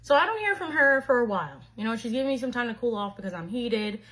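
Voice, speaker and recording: High-voiced young woman telling gossip. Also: quick pace. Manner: slangy, gossipy, animated retelling. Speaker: storytime vlogger. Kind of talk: casual storytime chat.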